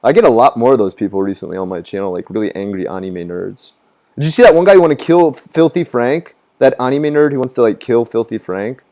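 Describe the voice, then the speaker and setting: Rambling, swearing man with lively pitch. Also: fast. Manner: rambling, profane, laughing at his own jokes, mimicking others in high voices. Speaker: gaming streamer. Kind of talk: casual live-stream chat. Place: living in Japan.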